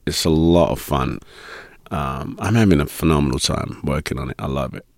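A British man talks through an interview in an easy, chuckling way, leaning on ums and you-knows. His voice sits very deep and low. The sound is close and dry, with no room around it. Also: normal speed, gravelly, no room sound. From Britain. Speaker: actor guest. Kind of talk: casual interview chat.

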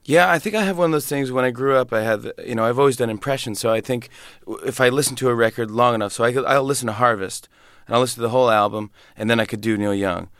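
A man, a comedian, telling a lively story in an interview and acting out other people's voices. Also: medium pitch, fast talker, dry recording, clean studio sound. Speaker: comedian guest.

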